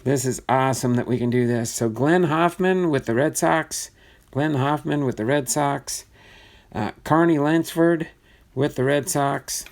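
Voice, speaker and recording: A man hosting a live card-breaking stream, reading out names in a chatty way with sudden excited bursts. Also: medium pitch, unhurried, vocal fry. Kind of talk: live box-break commentary.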